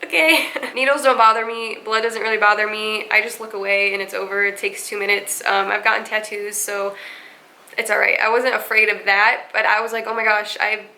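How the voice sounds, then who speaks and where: A young woman telling a story casually in a vlog, chatty and animated, using a lot of "like" and acting out other people's lines. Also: mid-range voice, a little fast, rough recording. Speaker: vlogger.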